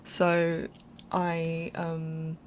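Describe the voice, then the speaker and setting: A woman's voice: low voice, monotone, drawn-out words, a little mellow, a little hiss or hum. A young woman giving casual, rambling voiceover commentary over a game build from home, chatty and apologetic, often laughing. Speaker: game speed-build creator.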